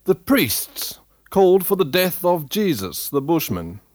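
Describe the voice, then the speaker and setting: Slow, high-pitched male narrator. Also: very animated, a little mellow, no room sound. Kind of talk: scripted dramatic narration.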